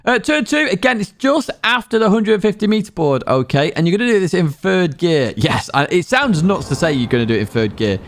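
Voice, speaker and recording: A man's voice: sits high, very animated, fairly quick, hardly any pauses. A man hosting a racing game guide, giving upbeat, instructive commentary with jokey asides. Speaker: gaming channel host. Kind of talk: race guide commentary over gameplay.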